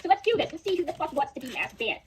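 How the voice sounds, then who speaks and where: A woman's voice: high voice, very animated, rapid-fire, very noisy. A young woman streaming live, ranting angrily at her chat and swearing constantly. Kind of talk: angry livestream rant.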